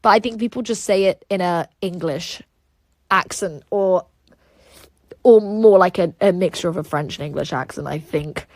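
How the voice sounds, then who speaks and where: A woman's voice: lowish voice, moderate pace, a little mellow, dry recording. A woman hosting a casual livestream, reading chat aloud and rambling with lots of "like" and "um" fillers.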